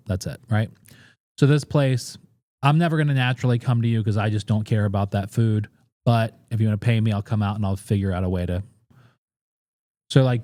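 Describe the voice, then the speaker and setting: A man's voice: medium pitch, steady tone, brisk, warm tone, no echo, studio quality. A man who is a guest on a podcast, bluntly telling food stories in casual, profanity-laced talk. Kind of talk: casual interview storytelling.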